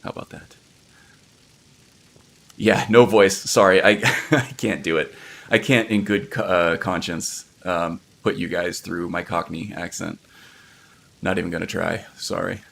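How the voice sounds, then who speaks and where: Low, gravelly-voiced male game streamer. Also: fairly even intonation, unhurried, fairly bright tone, slight background noise. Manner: rambling, self-correcting, lots of ums. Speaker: livestreamer playing a game. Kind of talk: casual game commentary.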